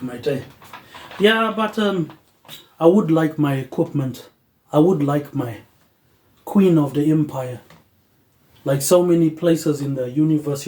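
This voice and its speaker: A man rambles through a philosophical monologue in a mellow, fairly high voice. He tacks a soft, dropped tag word onto almost every phrase. The sound comes from an echoey room. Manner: loose, drifting train of thought. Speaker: host.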